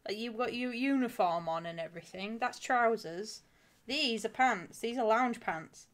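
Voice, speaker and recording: Blunt Yorkshire woman, slightly high voice. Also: measured pace. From Yorkshire, England. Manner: blunt, swears freely, laughs often. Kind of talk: casual chat.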